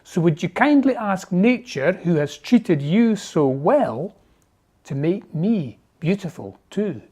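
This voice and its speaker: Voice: medium pitch, sing-song, takes it slowly, a little mellow, slightly rough, exaggerated voice. A reader doing a moaning little owl. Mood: pleading. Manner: whiny, moaning, pleading. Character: miserable little male owl, self-pitying. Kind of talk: storybook reading.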